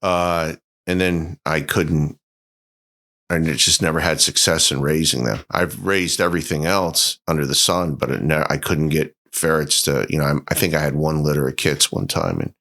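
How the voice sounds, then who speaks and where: A man with an extremely deep, low voice, chatting as a podcast guest. He talks haltingly, stopping and restarting his sentences with plenty of fillers. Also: vocal fry, a bit bright. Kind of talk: casual chat.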